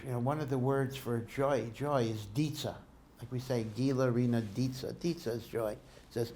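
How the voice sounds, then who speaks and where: Mellow-voiced rabbi telling a story in a lecture. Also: male voice, mid-range voice, fairly even intonation, normal speed, slight background noise. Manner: conversational, digressive, with frequent restarts and Hebrew and Yiddish learning terms. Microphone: podcast recording of a lecture.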